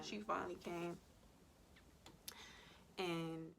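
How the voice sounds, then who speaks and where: A woman, a birth worker and mother, tells a personal story for a vlog in a casual, emotional way, speaking straight to her viewers and often sinking into a soft whisper. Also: fairly low pitch, steady tone, a little slow, slight background noise. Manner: conversational, addresses viewers directly.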